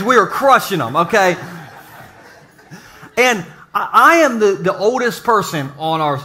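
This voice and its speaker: A pastor preaching a humorous sermon to a live congregation, telling jokey stories and throwing asides to the audience. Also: male voice, sits high, measured pace, bright, forceful tone. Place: church service before a live congregation.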